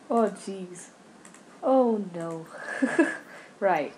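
A woman's voice: mid-range voice, expressive, slow pace, long pauses, darkish tone, slight background noise. A young woman commenting on a life-sim game, scolding her characters in exasperation. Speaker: gaming YouTuber. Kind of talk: casual Let's Play commentary.

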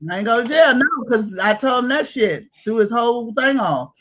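Woman, comedy co-host, raunchy storytelling, animated, laughing, video call. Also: a little high, a little fast. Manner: animated, laughing, acts out other people.

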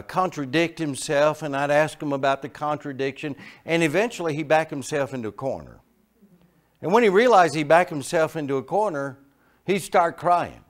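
A middle-aged man preaching a sermon, telling folksy stories and moving between quiet asides and loud emphasis. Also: fairly high pitch. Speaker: pastor. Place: church sanctuary.

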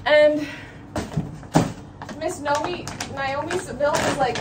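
A woman's voice: high voice, measured pace, long pauses. A young woman vlogging casually, frank and profane, rambling in exasperation and worn out. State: tired and sweaty. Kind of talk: casual vlog chatter. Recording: phone vlog with clear background noise.

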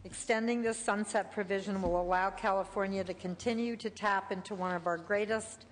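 A woman senator presenting a bill on the floor in a prepared, steady speech read from notes. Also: medium pitch, fairly quick, slight background noise. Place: large legislative chamber. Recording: chamber broadcast with long reverb.

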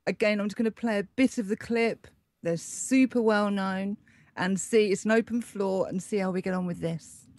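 A woman's voice: mid-range voice, steady tone, moderate pace, darkish tone, no room sound. A woman hosting a quiz segment in casual podcast chat, upbeat and encouraging. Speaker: quiz host.

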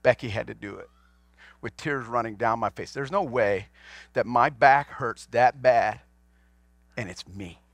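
A man's voice: medium pitch, unhurried, fairly bright tone, no echo. A man in his forties, a pastor, preaching a sermon to his congregation in a folksy storytelling way, asking them questions as he goes. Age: 40s. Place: church sanctuary.

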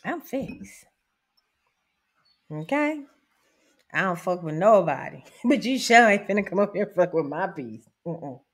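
A woman speaks in a casual, blunt monologue, swearing freely. Her pitch swings widely and she talks slowly and emphatically, often breaking into laughter. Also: big pitch swings, husky. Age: 50s. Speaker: host.

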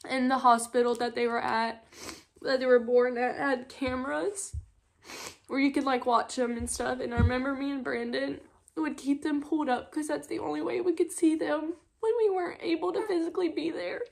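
A young woman, telling her own story at home as a mother vlogger, tearful and halting, with many filler words. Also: high voice, steady tone, creaky. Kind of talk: emotional personal storytelling. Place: at home on a couch.

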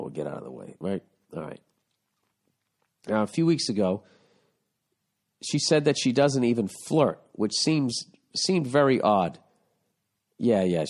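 A man's voice: fairly low pitch, darkish tone. A man hosting a podcast, reading listener letters aloud and giving profane, exasperated comedic advice. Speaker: podcast host.

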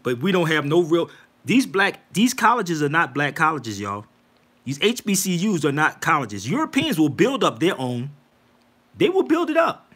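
Animated husky man preaching to viewers. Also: on the high side, normal speed. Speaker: livestream host. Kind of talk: casual livestream talk to viewers.

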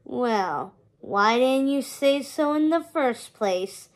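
A woman voicing a bored old skeleton ferryman of the underworld, in a deep, musty, rasping voice with slow, bland delivery. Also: animated. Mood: amused.

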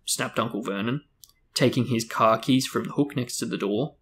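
Guy reading a book out loud, steady, middle pitch voice. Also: normal speed, vocal fry. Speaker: reader and show co-host. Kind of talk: reading a novel aloud.

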